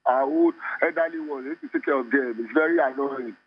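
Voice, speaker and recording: A man's voice: mid-range voice, fast. Man, crying caller, repeats himself, muffled phone line. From Nigeria. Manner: repeats the same phrases over and over.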